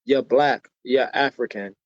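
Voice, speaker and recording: A man's voice: mid-range voice, unhurried, no echo. An American man telling personal stories as a podcast guest. He has a mid-range voice and acts out the people in his stories, often checking in with "right?". The sound is dry and a little dull, like a modest lo-fi recording. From United States. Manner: animated storyteller who acts out quoted voices and often adds "right?". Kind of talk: personal storytelling in a podcast interview.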